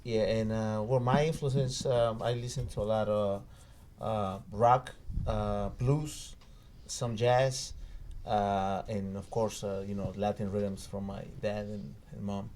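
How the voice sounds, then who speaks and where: A man, a guest guitarist, answering hesitantly with many pauses and fillers. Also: lowish voice, flat delivery, a little mellow, a little hiss or hum. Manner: hesitant, lots of uhs. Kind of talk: casual interview answers.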